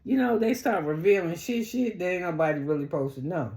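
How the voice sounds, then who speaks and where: A woman casually recapping a reality show, blunt and profane, acting out the cast's lines in a much higher voice. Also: a little fast, gravelly, a little mellow, roomy sound. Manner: blunt, profane, talks back to the cast; acts out quotes in a much higher voice.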